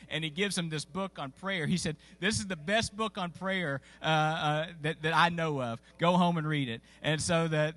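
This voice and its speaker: A man preaching in a church, his voice sitting a little high for a man. He tells the story in a loose, folksy way, stopping for fillers and starting lines over. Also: a bit bright. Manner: folksy, conversational, with frequent fillers and restarts. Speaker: pastor. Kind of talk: sermon storytelling. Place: church sanctuary.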